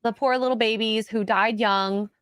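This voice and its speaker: A woman co-hosting a casual chat, speaking in a measured, thoughtful way. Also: on the high side, steady tone, fairly bright tone, clean tone. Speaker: co-host.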